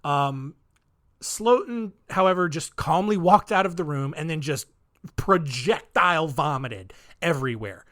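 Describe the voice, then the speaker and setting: A man hosting his own podcast, talking in a loose, rambling way with frequent ums and uhs. His voice sits a little higher than most men's, and he drops dry, offhand asides as he goes. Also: lively intonation, measured pace, fairly bright tone. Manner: rambling, with many fillers, wry and offhand. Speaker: podcast host. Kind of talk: casual solo podcast storytelling.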